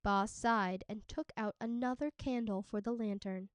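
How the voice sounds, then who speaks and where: Female teacher, audiobook read-aloud, slow and crisp, dry close sound. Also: medium pitch, no echo. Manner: steady, clear storytelling.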